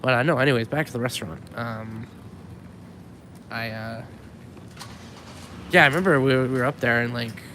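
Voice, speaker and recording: A man's voice: mid-range voice, moderate pace, long pauses, bright, forceful tone, low-quality recording. A young man from Winnipeg rambling casually while walking outdoors with a handheld camera, full of likes and ums. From Winnipeg, Canada. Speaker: vlogger. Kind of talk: casual walking vlog monologue. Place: outdoors on a city street. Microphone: handheld camera rig while walking. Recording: street noise and passing cars. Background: city traffic.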